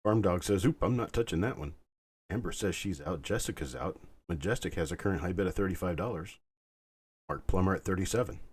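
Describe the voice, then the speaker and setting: Male auction host, deep voice, slightly husky, calm and soothing bid calls. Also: a little fast. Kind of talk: live online auction calling.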